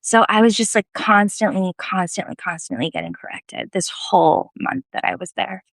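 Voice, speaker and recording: A woman telling a personal story in a casual live video, animated and self-deprecating, often laughing. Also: fairly low pitch, vocal fry, no echo. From United States.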